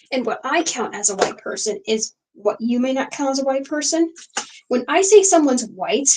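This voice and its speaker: A woman's voice: a little high, a little mellow, poor audio. A young woman hosting a casual late-night livestream, talking frankly and rambling with many fillers and restarts. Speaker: livestream host.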